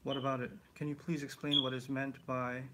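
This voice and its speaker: A man teaching the Quran in a live question-and-answer session, explaining with lively asides and rhetorical questions. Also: medium pitch, fairly quick, very noisy. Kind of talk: live Q&A lesson.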